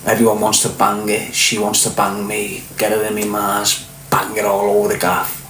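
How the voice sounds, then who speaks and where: A man's voice: fairly low pitch, completely flat delivery, normal speed, fairly bright tone, slight background noise. A middle-aged man with a Liverpool accent, hosting a live stream and telling crude, boastful, profane stories while answering viewers by name. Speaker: livestream host. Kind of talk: crude casual storytelling to live chat. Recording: roomy echo.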